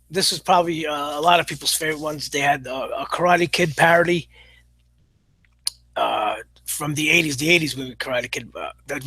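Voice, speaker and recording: Male reviewer, slightly high husky voice, halting delivery full of fillers, blunt. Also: bright, forceful tone, dry recording, poor audio. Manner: blunt, opinionated. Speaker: show reviewer. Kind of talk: casual spoken review.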